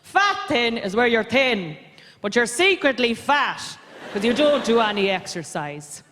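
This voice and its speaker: An Irish woman putting on the voice of her fretful, nagging middle-aged Irish mother, lecturing in a shrill singsong. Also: sing-song, unhurried, fairly bright tone. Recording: reverberant live theatre recording.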